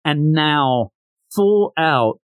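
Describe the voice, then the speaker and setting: Male podcast host, casual story recap, lively pitch, dry close-miked sound. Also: very slow, dry recording. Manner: animated storytelling, retells dialogue, laughs. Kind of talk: casual manga chapter recap.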